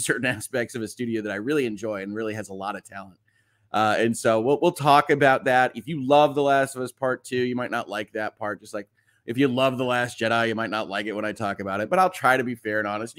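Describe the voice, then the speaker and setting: A man's voice: medium pitch, fairly bright tone. A man hosting a casual morning livestream, reading viewers' chat messages aloud and chatting back with frequent filler words. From Midwest US. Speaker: livestream host. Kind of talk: casual live-stream chat.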